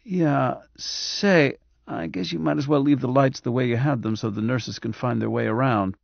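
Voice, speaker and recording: A man voicing a frail, bedridden cyborg man who speaks in a weak, reedy whisper, slow and hesitant, with a resentful edge. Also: mid-range voice, fairly even intonation, vocal fry, no echo, muffled recording, pitched above the performer's own voice.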